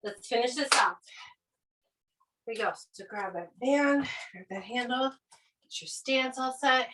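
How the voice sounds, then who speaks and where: A woman's voice: fairly high pitch, unhurried, distant mic, heavy background noise. Breathless woman coaching a workout. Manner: encouraging, upbeat cues. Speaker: fitness instructor.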